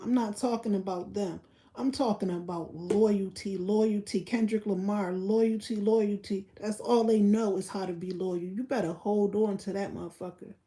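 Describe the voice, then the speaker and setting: A woman's voice: medium pitch, steady tone, normal speed, warm tone, echoey room. A woman hosting a casual livestream rant in a blunt, profane way, talking straight to her chat viewers. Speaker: livestream host.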